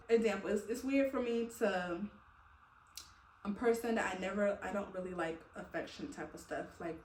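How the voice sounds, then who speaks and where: A woman's voice: lowish voice, a little hiss or hum. Rambling woman vlogger in an echoey room. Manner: rambling, many fillers, laughs between thoughts. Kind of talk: casual heartfelt venting to camera. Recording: echoey room, a little far from the mic.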